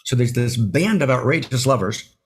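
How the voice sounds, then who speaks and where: A man's voice: mid-range voice, expressive, moderate pace, breathy edge. A man in a video-call conversation who talks with passion and some emotion, often tagging his points with "right?". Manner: emphatic, tags many phrases with "right?"; emotional, near tears at times. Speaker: author guest.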